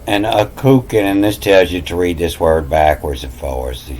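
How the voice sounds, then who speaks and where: A man's voice: deep voice, moderate pace, a little mellow, low-quality recording. A man giving a meandering, self-taught lesson, spelling out letters and repeating words with frequent "you know" fillers. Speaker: self-styled language teacher. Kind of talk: rambling explanatory monologue.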